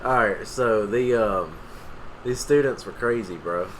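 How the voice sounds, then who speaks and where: A man's voice: fairly low pitch, measured pace, fairly bright tone, slight background noise, low-quality recording. A young man co-hosting a podcast, telling loose, profane stories full of slang in a casual chat. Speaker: podcast co-host.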